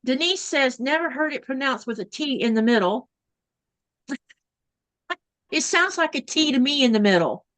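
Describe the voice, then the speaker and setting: A woman's voice: sits high, lively intonation, normal speed, pauses often, a bit bright. Southern woman hosting a chatty livestream. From American South. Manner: chatty, reads comments aloud. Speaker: livestream host. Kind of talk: casual chat, reading viewer comments.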